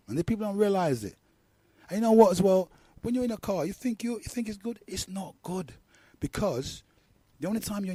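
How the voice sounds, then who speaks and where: Rambling London man, mellow and dry. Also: on the high side, breathy edge, no echo. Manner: rambling, slangy storytelling. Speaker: radio talk show host. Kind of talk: casual monologue.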